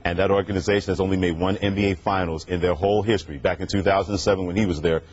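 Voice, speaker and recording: A man's voice: sits low, steady tone, racing, darkish tone, breathy edge. A man co-hosting a sports debate podcast, making his points in a confident, punchy way. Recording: dull lo-fi podcast audio.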